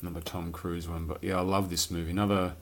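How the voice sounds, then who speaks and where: A man's voice: low-pitched, little pitch movement, fast. A man chatting casually and rambling about his film collection, swearing now and then. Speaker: collector showing his films. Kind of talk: casual chat.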